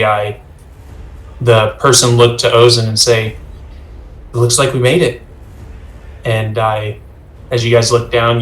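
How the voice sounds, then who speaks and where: A man narrating a tabletop game as game master over a video call, pausing often with fillers. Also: mid-range voice, a bit bright. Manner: halting, many uh fillers. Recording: roomy sound with faint music.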